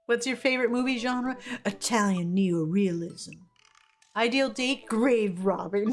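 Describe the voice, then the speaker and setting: Chatty woman streamer, fairly high voice. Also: a little slow. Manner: laughs often, reads chat aloud. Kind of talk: casual gameplay commentary.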